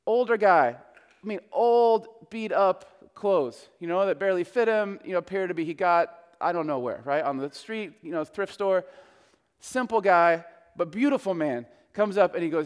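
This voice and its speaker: A man pastor preaching a sermon in a relaxed, conversational storytelling way. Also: sits high, normal speed, clean tone, big-room sound.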